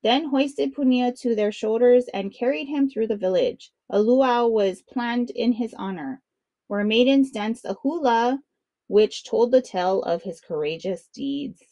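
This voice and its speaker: A woman reading a children's picture book aloud with expressive, dramatic narration. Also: on the high side, measured pace, dry recording. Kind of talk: read-aloud storytelling for children.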